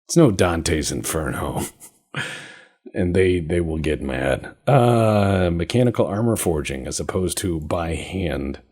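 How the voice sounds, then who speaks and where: Brief: male game-channel host, low dark voice, sardonic running commentary, casual cursing. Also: expressive, takes it slowly. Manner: joking, sarcastic, swears casually.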